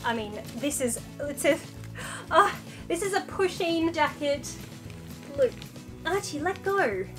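Bubbly female vlogger, high bright voice, excitable, music bed underneath. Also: takes it slowly. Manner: gushing, excitable, talks to her pet. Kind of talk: casual unboxing vlog.

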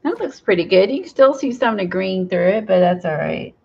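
A woman's voice: mid-range voice, expressive, brisk, creaky, a little mellow, breathy edge, dull audio. A woman hosting a craft video, chatting casually while she paints, rambling and restarting her thoughts, recorded on a camera mic from below. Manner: rambling, trails off, many restarts. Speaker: craft channel host.

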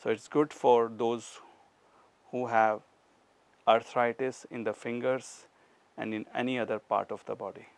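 A middle-aged man with an Indian accent, teaching a yoga class and calmly cueing each breath and movement step by step. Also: mid-range voice, measured pace, pauses often, no echo. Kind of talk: guided yoga class instruction.

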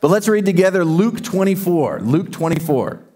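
Male pastor, a touch high-voiced, animated sermon delivery in a church auditorium, engages the congregation directly. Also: moderate pace. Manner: animated storytelling, calls out to the congregation.

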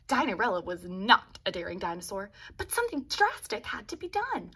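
A woman teacher reading a children's picture book aloud, expressive, adding explaining asides to young pupils. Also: medium pitch, fairly quick, few pauses, slightly rough.

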